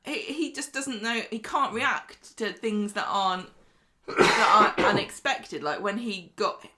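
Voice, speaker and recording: A woman co-hosting a casual chat show, opinionated and quick to laugh. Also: mid-range voice. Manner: lively, opinionated, laughs often. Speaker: podcast co-host. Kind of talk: casual chat about a soap opera.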